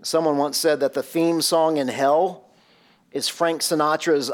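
Casting: male pastor, slow deliberate sermon delivery, slightly high voice, emphatic rhetorical questions. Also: steady tone.

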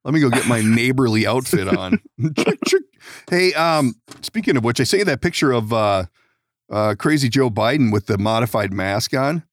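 A man's voice: mid-range voice, animated, normal speed, dry recording, studio quality. A man hosting a podcast, telling rambling stories in casual chat, laughing often and swearing. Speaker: podcast host.

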